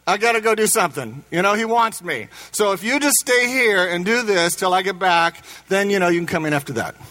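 A man's voice: high-pitched, animated, a little fast, sharp tone, low-quality recording. A man voicing an easygoing, reassuring heavenly gatekeeper in a told joke. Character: Saint Peter, genial heavenly gatekeeper, man.

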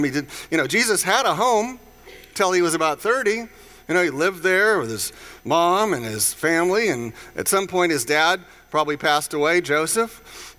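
A man preaching in a relaxed, conversational way, retelling scripture stories with playful voiced asides. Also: on the high side. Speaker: pastor. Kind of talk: casual sermon.

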